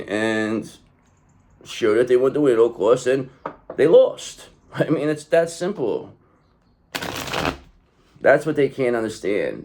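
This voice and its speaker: A man gives a casual tarot reading in an emphatic, profane, streetwise manner. He swings between loud bursts and low asides.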